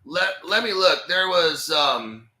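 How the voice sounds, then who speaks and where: A man's voice: fairly high pitch, animated, slow pace, pushed and bright. A man hosting a crypto channel, rambling in a profane, conspiratorial way and talking back to himself while sharing his screen. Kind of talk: rambling screen-share commentary. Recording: echoey room.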